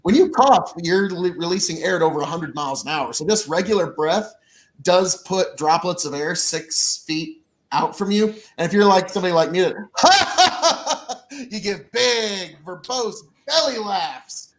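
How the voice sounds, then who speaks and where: A man co-hosting a casual podcast chat, with a voice that sits notably high for a man. He talks in animated, jokey bursts. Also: normal speed. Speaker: podcast co-host.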